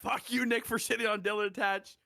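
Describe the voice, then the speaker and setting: A tired young man with a high voice, co-hosting a casual esports podcast. He giggles, teases and swears freely. The sound is dry and close. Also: steady tone, fairly quick, creaky, pushed and bright, no echo. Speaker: podcast co-host. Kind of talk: casual chat.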